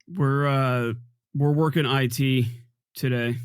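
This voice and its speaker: A man's voice: mid-range voice, steady tone, takes it slowly, smooth, no echo, studio quality. A man co-hosting a podcast, joking around casually and giggling often. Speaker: podcast co-host and editor.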